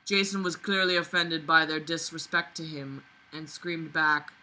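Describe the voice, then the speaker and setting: Sharp-voiced woman mocking a bad novel. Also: low-pitched, steady tone, measured pace, rough recording. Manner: sarcastic, swears freely, exasperated asides. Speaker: reader of a novel. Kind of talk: reading a novel aloud with mocking commentary.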